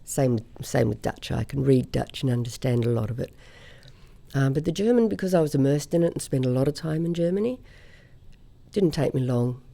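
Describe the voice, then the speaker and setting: A woman from Australia, a singer, telling stories in a relaxed interview chat. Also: extremely low pitch, brisk, gravelly. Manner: chatty anecdotal storyteller, laughs often. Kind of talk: conversational interview storytelling.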